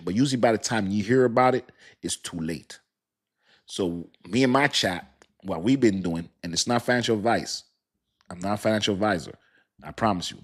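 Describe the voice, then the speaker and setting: A man hosting a casual livestream, rambling and laughing as he talks to his chat. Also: low voice. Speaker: crypto livestream host.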